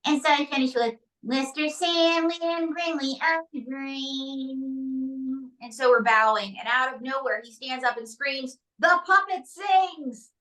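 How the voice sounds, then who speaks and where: A woman ventriloquist chatting as an interview guest with a bright, fairly high voice. She tells quick, jokey stories, and her voice sounds a little distant from the mic. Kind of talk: comedic interview chat.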